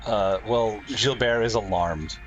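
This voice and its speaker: A man's voice: fairly low pitch, measured pace, lo-fi sound, soft background music. A man describing his character in a tabletop role-playing game, hesitant and rambling with many fillers. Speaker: player.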